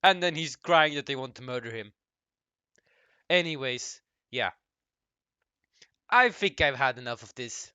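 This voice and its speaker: A man's voice: medium pitch, lively intonation, measured pace, pauses often, pushed and bright, clear, resonant tone, dry recording, lo-fi sound. A man giving casual reaction commentary, cutting in with blunt, dismissive rebuttals. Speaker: YouTube commentator reacting to a clip.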